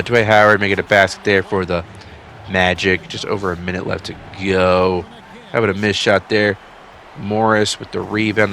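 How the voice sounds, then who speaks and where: Gravelly chatty man calling a game sim. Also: deep voice, fairly bright tone, slight background noise. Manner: chatty, offhand, enthusiastic asides. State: tired, yawning. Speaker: channel host narrating a simulated game season. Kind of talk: casual play-by-play commentary.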